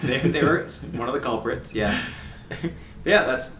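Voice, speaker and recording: A man's voice: mid-range voice, a little slow, fairly bright tone. Chatty man co-hosting, roomy distant sound. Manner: chatty, laughs often. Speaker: podcast co-host. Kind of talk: casual chat. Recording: roomy echo, distant mic, faint hiss.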